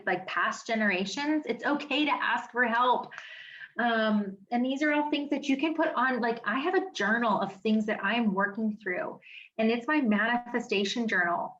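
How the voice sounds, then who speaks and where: A woman's voice: on the high side, fairly bright tone, muffled recording. A woman giving a casual wellness seminar from her home office, chatty and emphatic, with many fillers. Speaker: wellness educator.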